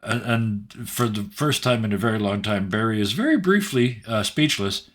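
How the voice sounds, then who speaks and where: A man's voice: lowish voice, animated, normal speed, fairly bright tone. A man playing a tabletop role-playing game, laid-back and joking, chuckling as he speaks. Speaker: player. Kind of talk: casual role-play chat.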